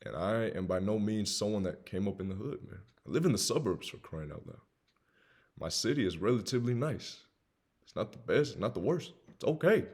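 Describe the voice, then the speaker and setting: A young man with a husky, fairly low voice and a faint Southern US lilt. He speaks emphatically as a self-improvement host, repeating phrases and switching between loud urging and quiet, confessional asides. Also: expressive, moderate pace. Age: 20s. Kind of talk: earnest personal monologue.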